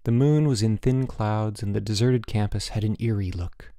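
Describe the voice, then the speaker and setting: A man reading a children's novel aloud as an audiobook narrator, expressive and giving each character a voice. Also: fairly low pitch, normal speed, no room sound, studio quality. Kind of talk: scripted narration.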